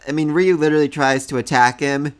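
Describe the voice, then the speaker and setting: A man giving casual review commentary on a comic chapter, enthusiastic, often laughing and repeating words when excited. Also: a little high, fast, clean tone.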